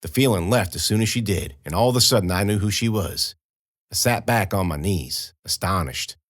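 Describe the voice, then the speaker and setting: Male audiobook narrator, low voice, folksy first-person telling, dry studio sound. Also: lively intonation, normal speed, a bit bright, no room sound. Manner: folksy, conversational storytelling.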